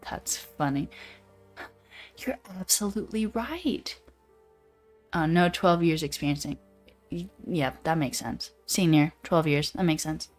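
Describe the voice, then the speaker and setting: A woman's voice: low voice, fairly even intonation, normal speed, faint music behind. A young woman hosting a livestream, chatting casually and reading viewer comments aloud in a laid-back, playful way. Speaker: livestream host.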